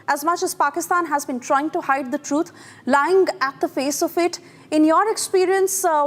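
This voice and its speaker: A woman anchoring live breaking news in a brisk, emphatic manner. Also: high voice, in a large hall.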